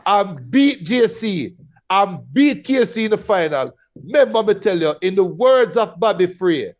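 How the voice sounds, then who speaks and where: A man's voice: high-pitched, very animated, unhurried. A man with a Jamaican accent co-hosting a casual sports chat, playful and boastful as he makes his predictions. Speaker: co-host.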